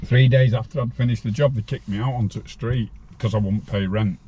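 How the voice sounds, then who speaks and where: A man's voice: medium pitch, steady tone, a little fast, warm tone, slightly rough, lo-fi sound. A man in his sixties, a podcast guest telling a rambling story from his own life in a plain-spoken way.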